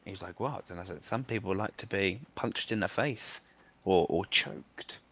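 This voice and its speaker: Low-pitched male gamer, casual rambling storyteller. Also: moderate pace, fairly bright tone, slightly rough. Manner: rambling anecdote, many fillers and restarts. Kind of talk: casual chat over gameplay.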